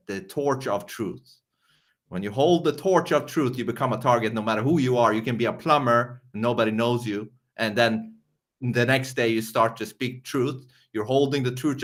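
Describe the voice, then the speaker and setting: A man's voice: medium pitch, fairly bright tone. A man with a foreign accent hosting a live reaction stream, rambling and swearing, often restarting his words. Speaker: show host.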